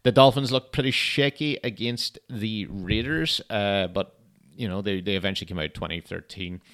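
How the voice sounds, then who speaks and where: A man's voice: on the low side, normal speed, fairly bright tone. A young man hosting a podcast, chatting casually in a rambling, laid-back way and swearing often. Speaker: podcast host. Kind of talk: casual solo chat.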